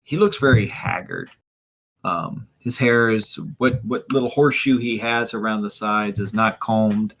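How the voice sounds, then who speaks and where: A man narrating as game master of a tabletop game, hesitant with many pauses. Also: on the low side, fairly bright tone, rough recording. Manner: hesitant, full of ums.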